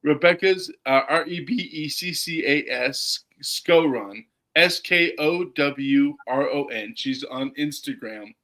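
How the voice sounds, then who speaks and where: A man's voice: fairly high pitch, slow, hardly any pauses, bright, forceful tone. A man co-hosting a casual chat, rambling with lots of ums and restarts. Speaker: co-host.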